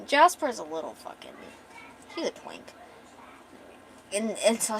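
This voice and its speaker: A woman's voice: a little high, sing-song, a little slow, creaky, slight background noise, low-quality recording. A woman casually retelling a story on a cozy stream, chatty, laughing often and swearing now and then.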